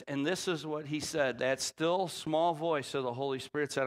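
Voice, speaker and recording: A man's voice: fairly even intonation, moderate pace. Emphatic middle-aged male pastor preaching. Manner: emphatic preaching with rising, loud peaks; drops to a low, quiet voice when quoting the Spirit. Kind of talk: sermon.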